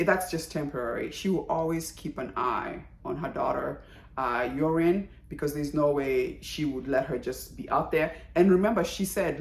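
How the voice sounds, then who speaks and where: This is a woman recording a casual review vlog, excited and exclamatory, slipping into characters' lines as she goes. Her voice sits on the low side. The room around her is echoey. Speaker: TV drama reviewer.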